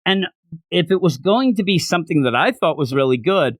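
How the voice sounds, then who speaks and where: Fairly high-pitched, animated and fairly quick, this man chats on a podcast he co-hosts, picking apart a manga chapter in a casual, critical way. He rambles and performs quoted lines along the way, in a dry recording.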